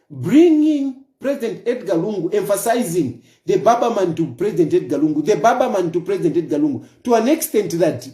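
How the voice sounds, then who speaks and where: A man's voice: sits high, mellow, roomy sound. A man with a Zambian accent giving a political commentary monologue, emphatic, repeating his points and firing off rhetorical questions. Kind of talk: opinion monologue.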